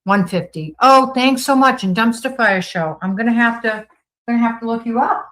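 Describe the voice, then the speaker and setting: This livestream host, a woman with a Boston accent, speaks at a normal speed in a slightly high, bright, pushed voice. She reads viewer comments aloud and replies in a gushing, upbeat manner over a low-quality recording of casual chat.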